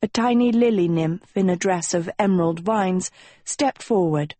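A woman narrating a storybook in a measured, even way. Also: on the low side, no echo. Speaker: audiobook narrator. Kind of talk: scripted narration.

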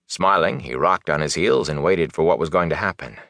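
Deep-voiced male fantasy narrator. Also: a little fast, vocal fry, no room sound, studio quality. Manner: expressive, dramatic. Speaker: audiobook narrator.

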